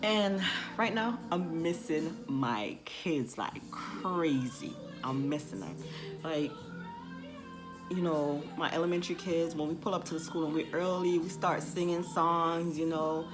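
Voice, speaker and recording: A woman bus driver telling stories in a casual vlog, chatty and full of "you know", acting out the kids' voices in high shrieks. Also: a little slow, music in the background.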